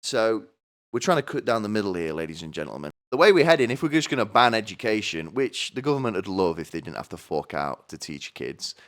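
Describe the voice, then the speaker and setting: A man's voice: fairly low pitch, big pitch swings, a little fast, a bit bright. A man hosting a comedy podcast, ranting in a crude, sardonic way, swearing a lot and asking "right?" over and over. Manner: asks the listener "right?" again and again. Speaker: podcast host. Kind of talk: comedic rant.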